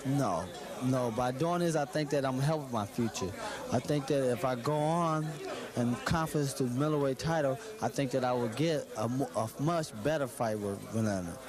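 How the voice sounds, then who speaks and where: A man, a boxer being interviewed, answering in a halting way, repeating and restarting phrases. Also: mid-range voice, a crowd in the background.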